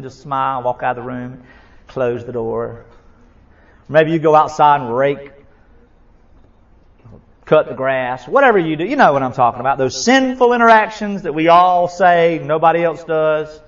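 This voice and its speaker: A male pastor preaching a sermon, impassioned and repetitive, swinging from loud to hushed. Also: a little high. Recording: dull lo-fi sound.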